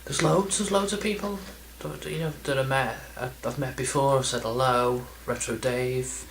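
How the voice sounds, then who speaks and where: A man's voice: mid-range voice, fairly even intonation, normal speed, gravelly, slight background noise, rough recording. A man chatting in a casual vlog, rambling and self-deprecating, with plenty of ums and restarts. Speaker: video game collector vlogger.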